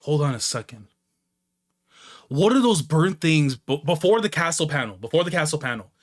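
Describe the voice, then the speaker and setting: Excitable young man reacting to manga. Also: fairly high pitch, moderate pace. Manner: excitable, slangy, swings between shouting and muttering. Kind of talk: animated reaction commentary.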